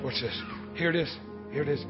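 A man in his fifties preaching a sermon, swinging from low, quiet talk to loud shouting. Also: brisk. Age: 50s. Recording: dull lo-fi recording with faint music.

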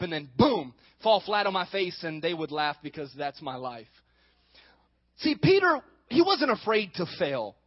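A man preaching a sermon as pastor, animated, acting out the scripture dialogue he reads. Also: high voice, dry recording, dull audio.

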